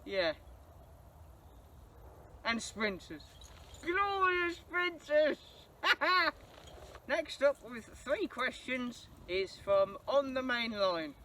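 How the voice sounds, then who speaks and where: A young man from England, casually answering viewer questions as a channel host, enthusiastic and quick to laugh. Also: sits high, fairly bright tone. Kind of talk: casual Q&A monologue. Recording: distant mic, faint background noise.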